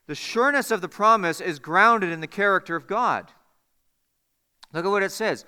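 A man's voice: sits high, expressive, normal speed, clear, resonant tone, long reverb tail. A man preaching a sermon as pastor, earnest and building to impassioned appeals. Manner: earnest, rising to impassioned appeals, then hushed.

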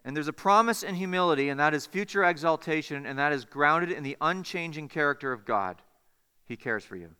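High, bright-voiced man preaching in a hall. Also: a little fast, hardly any pauses, clear, resonant tone. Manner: earnest, rising to impassioned appeals, then hushed. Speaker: pastor. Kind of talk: sermon.

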